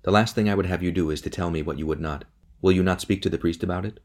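An earnest, devout young woman from an audiobook tale, pleading with a voice that shakes, as a man reads her lines. Her tone is anxious and tender, though it sits fairly low. It is a storybook reading. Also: fast, lightly acted. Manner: pleading, voice shaking.

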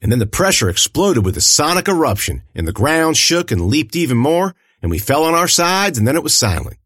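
A man narrating a first-person audiobook in an expressive, lively storytelling manner. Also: on the high side, brisk, no echo, studio quality.

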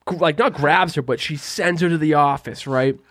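A man's voice: on the high side, normal speed, dry recording, clean studio sound. A young man co-hosting a casual chat, telling school stories with slang and a running "right?". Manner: animated storyteller, slangy, says "right?" a lot.

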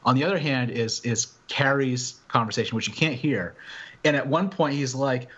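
Husky man with halting, filler-heavy speech. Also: medium pitch, a bit bright, dull audio. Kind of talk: casual podcast chat.

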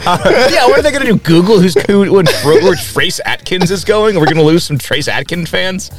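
A young man co-hosting a casual improv comedy podcast, quick and sarcastic. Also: high-pitched, lively intonation. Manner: quick, wry, sarcastic, bursts into laughter. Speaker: podcast co-host.

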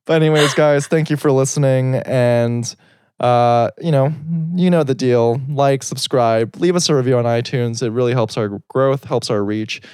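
A man co-hosting a podcast in casual chat, animated and laughing often, with plenty of filler words. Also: mid-range voice, normal speed, clean tone, dry recording, studio quality. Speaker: podcast co-host.

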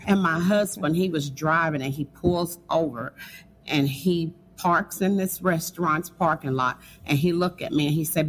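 A woman's voice: deep voice, moderate pace. A middle-aged woman, a business owner, telling a heartfelt faith story as a guest in an interview, acting out the voices she quotes.

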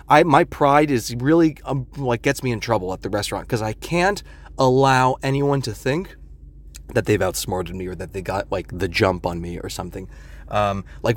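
A man in his late twenties telling a rambling, profane, self-deprecating comic story in a casual monologue. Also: mid-range voice. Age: 20s.

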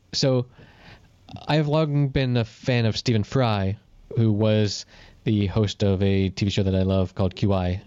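A man co-hosting a podcast, telling stories in casual chat and jumping up in pitch when he quotes people. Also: smooth, no echo, dull audio. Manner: animated storyteller, jumps up in pitch for quoted voices. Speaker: podcast co-host.

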